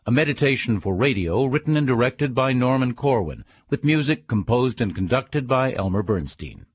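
A man's voice: medium pitch, expressive, moderate pace, slightly rough. A man formally announcing the credits of a radio program. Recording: dull lo-fi radio broadcast.

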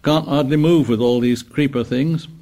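Guy doing a chubby worried schoolkid w/ asthma, chatters eagerly, bit of gravel in it. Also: mid-range voice, normal speed, mellow, voice pushed up, natural voice. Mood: anxious. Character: plump anxious schoolboy with asthma and glasses.

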